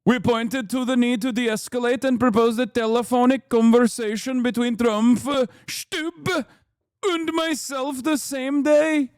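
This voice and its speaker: A man reading out an official statement in a put-on Norwegian accent, stiff, formal and measured. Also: extremely high pitch, fairly even intonation, smooth, no echo, clean studio sound, pitched above the performer's own voice. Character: mock Norwegian prime minister reading a statement.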